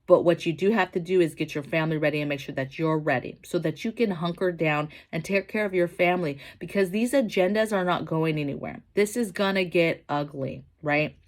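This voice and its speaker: A woman's voice: low-pitched, fairly quick, few pauses. A woman vlogging about home preparedness, talking casually and emphatically, often tagging her points with "right?". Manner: emphatic, keeps asking "right?". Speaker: prepping vlogger. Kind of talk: casual opinion vlog.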